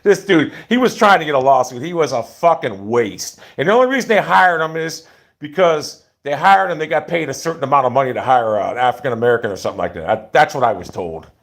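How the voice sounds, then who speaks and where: A man's voice: medium pitch, animated, fast. A man telling stories in a casual, rambling monologue, blunt and profane, with many restarts. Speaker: storyteller.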